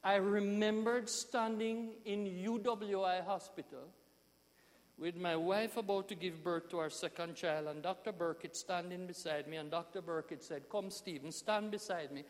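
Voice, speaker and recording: A man with a Jamaican accent, a pastor telling a story in an animated sermon with emphatic swings in loudness. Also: high voice, moderate pace, in a large hall.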